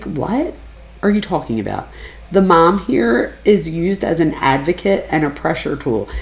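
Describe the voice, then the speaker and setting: Sitting low in her register, a woman offers casual, analytical true crime commentary, chatting freely and raising her voice whenever she quotes someone.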